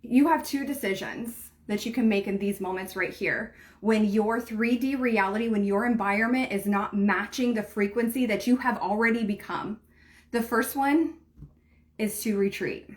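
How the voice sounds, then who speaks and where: In a medium-pitched voice at a moderate pace, a woman who works as a spiritual coach gives a heartfelt motivational livestream talk. She addresses viewers directly and earnestly, leaning heavily on "like" and "right?".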